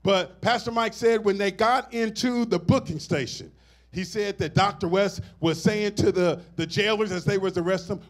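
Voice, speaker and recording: A fairly high-pitched middle-aged man delivers a sermon as pastor. He builds phrases to a swell and breaks off into casual asides to the congregation. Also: moderate pace. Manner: preaching with rising, swelling emphasis and call-and-response asides.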